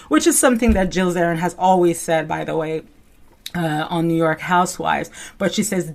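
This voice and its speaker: Woman, average pitch, chatty unscripted commentary host, rambling with lots of filler. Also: normal speed. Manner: rambling and conversational, full of "you know" and "like"; animated storyteller who acts out quotes.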